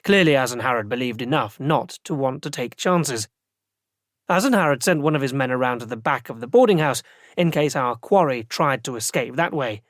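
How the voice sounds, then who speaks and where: A man narrating a first-person fantasy audiobook in an even, dry storytelling manner. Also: mid-range voice, normal speed, no echo.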